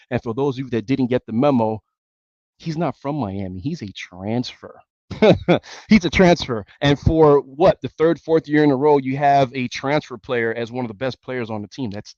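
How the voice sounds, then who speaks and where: A man's voice: mid-range voice, a little mellow, no echo, highs cut off. A man hosting a sports talk show, ranting angrily and emphatically with lots of repetition. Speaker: sports radio show host. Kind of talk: heated sports talk rant.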